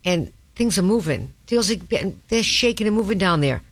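A woman's voice: mid-range voice, lively intonation, moderate pace, dry recording. Blunt Boston woman hosting talk radio. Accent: Boston North Shore. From North Shore of Boston. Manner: blunt, emphatic, opinionated. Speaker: radio show host. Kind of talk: casual talk radio chat. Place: radio studio.

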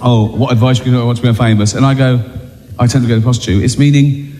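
A man's voice: medium pitch, steady tone, fast, mellow. A British man doing a live stand-up set, chatty and mocking, breaking into laughter at his own jokes. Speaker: stand-up comedian. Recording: echoey live hall with crowd ambience.

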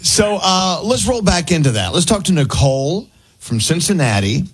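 A middle-aged man hosting a morning radio show, chatty and quick to laugh. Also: high voice, big pitch swings, background noise. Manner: chatty, jokey, laughs easily. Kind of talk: casual radio chat. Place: radio studio.

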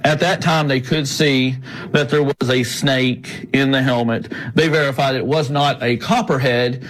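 A man working as an animal services officer, speaking in an interview in a plain, halting way with fillers. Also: mid-range voice, steady tone, a bit bright.

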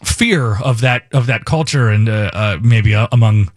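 A man's voice: fairly low pitch, normal speed, no room sound, studio quality. A man filling in as a radio host, chatting casually in a rambling, joking way and correcting himself as he goes. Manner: rambling, self-correcting, jokey. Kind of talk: casual talk radio chat. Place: radio studio. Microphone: studio microphone.

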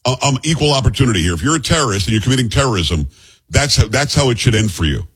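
A man's voice: medium pitch, very animated, very fast, breathy edge. A man hosting a talk show, giving blunt, heated commentary on the news and sometimes stumbling over names. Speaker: host.

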